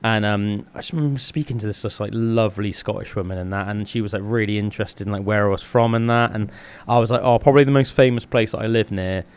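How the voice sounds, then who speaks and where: A man's voice: fairly low pitch, fast talker, few pauses, clean tone. A man from the South West of England, co-hosting a podcast in casual, rambling, enthusiastic chat full of fillers. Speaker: podcast co-host.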